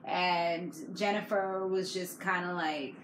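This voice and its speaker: A woman's voice: on the low side, fairly even intonation, takes it slowly. A woman vlogger recapping a reality TV episode in a chatty, slangy way, laughing often. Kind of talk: casual chat. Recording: echoey room with faint background noise.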